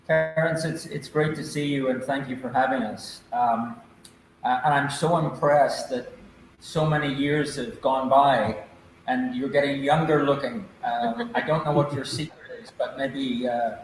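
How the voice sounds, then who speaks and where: Echoey man pitching a project over a call. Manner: hesitant, many fillers and restarts, enthusiastic. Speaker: company co-founder. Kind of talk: conversational interview answers. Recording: very echoey room, faint noise.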